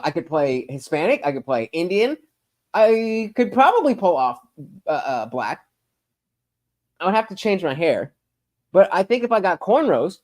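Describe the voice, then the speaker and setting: A man hosting a casual livestream, reading chat and rambling profanely with lots of stammered fillers. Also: on the high side. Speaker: streamer host reading live chat.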